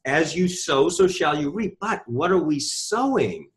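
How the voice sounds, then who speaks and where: A middle-aged man with a high voice tells his story to an interviewer. His pitch leaps up and down, and he drives his points home with emphatic rhetorical questions. He sounds like a speaker used to holding a room. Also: very animated, unhurried. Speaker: interview guest, author and speaker. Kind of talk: animated storytelling.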